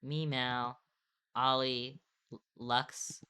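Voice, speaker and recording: A woman's voice: extremely low pitch, little pitch movement, drawn-out words, bright, forceful tone, smooth. A young woman streamer chatting casually while drawing, rambling and correcting herself as she goes, often laughing.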